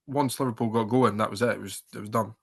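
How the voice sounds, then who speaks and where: A man's voice: on the low side, steady tone, fast talker, gravelly, slightly rough. Earnest man guesting on football chat.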